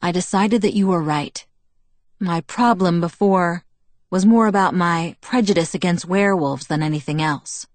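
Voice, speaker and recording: Woman voicing calm protective young man, lowish voice, soft and measured, dry close read. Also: no echo, close to an everyday voice. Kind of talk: audiobook dialogue reading.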